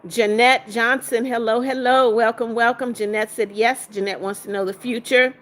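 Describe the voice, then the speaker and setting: A woman's voice: on the high side, fairly even intonation, moderate pace, fairly bright tone. Woman, livestream host, casual chat, reads comments aloud, firm with trolls.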